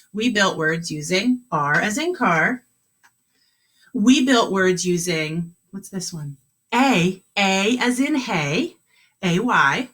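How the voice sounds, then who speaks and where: A woman teaching an online kindergarten class, sounding words out slowly and encouraging the children. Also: medium pitch, sharp tone, slightly rough.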